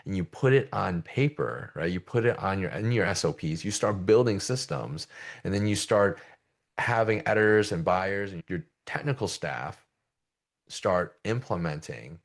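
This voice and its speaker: A man's voice: low-pitched, lively intonation, normal speed, gravelly. A middle-aged man presenting a business coaching session in a conversational way, often checking in with "right?". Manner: conversational, keeps asking "right?". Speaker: agency coach.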